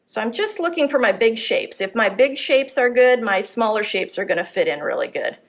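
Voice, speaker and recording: A woman's voice: on the high side, animated, moderate pace, creaky. A woman teaching art, giving a live drawing demonstration at a gallery workshop and thinking aloud as she corrects her lines. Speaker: art instructor.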